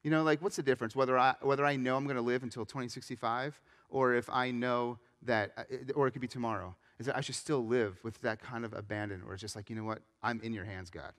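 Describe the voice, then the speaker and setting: A young adult man, a pastor, preaching a sermon with animated storytelling and acted-out voices. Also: mid-range voice, fast talker, few pauses, in a large hall. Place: church sanctuary.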